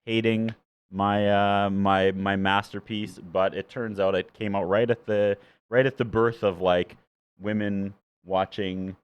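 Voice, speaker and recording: Lowish-voiced wry male author guest. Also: flat delivery, a little slow, clear, resonant tone, highs cut off. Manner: dry, self-mocking humor. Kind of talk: casual chat. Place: radio studio.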